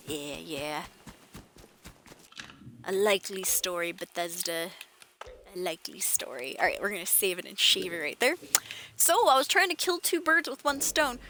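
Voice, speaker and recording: A woman's voice: medium pitch, pushed and bright, a little hiss or hum. A woman streaming a game, chatting casually with jokes and sarcastic asides. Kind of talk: casual gameplay chat.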